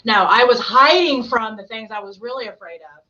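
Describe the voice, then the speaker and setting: A woman hosting a podcast in casual chat, talkative and animated, often slipping into playful quoted voices. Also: on the high side, brisk, highs cut off, background noise. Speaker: podcast host.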